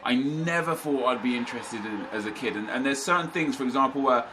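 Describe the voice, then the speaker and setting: A man's voice: medium pitch, animated, brisk, pushed and bright, slight background noise. A young man hosting his gaming channel from his home office, chatting casually to camera with a slightly stuffy nose, rambling with lots of restarts and asides.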